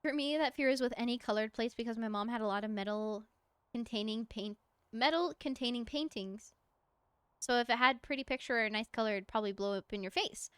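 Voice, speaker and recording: Chatty American woman streamer, slightly high voice, casual and giggly. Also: brisk, smooth, no echo. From United States. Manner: chatty, rambling storyteller who laughs often. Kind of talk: casual stream chat while gaming.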